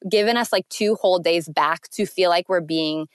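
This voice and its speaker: A woman guest in a casual interview, talking earnestly with lots of filler words and lively rises in pitch. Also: moderate pace, smooth, no room sound, studio quality. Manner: earnest, animated, frequent "like" fillers. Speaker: podcast guest.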